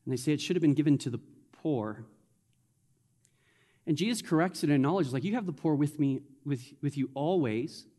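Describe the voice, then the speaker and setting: A man with a fairly high voice preaches to his congregation, with a loose, conversational delivery and playful asides. His voice rings out with a long reverb from the church hall. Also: lively intonation, brisk, long pauses, dark tone. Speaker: pastor. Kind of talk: sermon. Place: church sanctuary.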